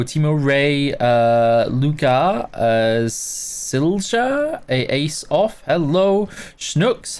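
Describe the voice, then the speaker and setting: A man's voice: medium pitch, clean tone. A man hosting a casual live game stream, greeting viewers by name and answering chat while tired and yawning.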